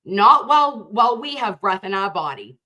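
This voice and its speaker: A woman's voice: mid-range voice, animated, moderate pace, sharp tone, dull audio. A woman hosting a livestream, reading viewer comments aloud and speaking fervently, with emphatic repeated phrases.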